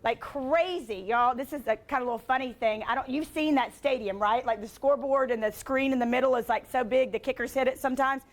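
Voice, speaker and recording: A woman with a high voice speaks in a lively, chatty way, dropping in "like" often as she tells stories. She pokes fun at herself while driving home a motivational point. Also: a little fast, hardly any pauses. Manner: chatty, filler-heavy with frequent "like"; self-deprecating humor. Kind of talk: storytelling motivational talk.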